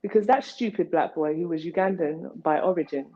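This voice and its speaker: A low, mellow-voiced woman from Nigeria, interviewed as an artist, talking in a rambling, playful way with plenty of wordplay. The recording is dull and lo-fi. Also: a little fast. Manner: playful, tangential, full of wordplay. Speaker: artist guest.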